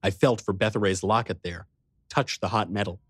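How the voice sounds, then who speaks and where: A man narrating an audiobook in the first person, steady and measured. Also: on the low side, breathy edge, no echo, studio quality.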